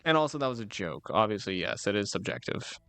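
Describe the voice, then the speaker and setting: A man's voice: fairly low pitch, very animated, quick pace, gravelly, a bit bright, no echo. Laid-back guy yapping on stream, dry close mic, faint music behind. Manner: rambling, laid-back, swears casually, giggles often. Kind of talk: casual chat with live chat.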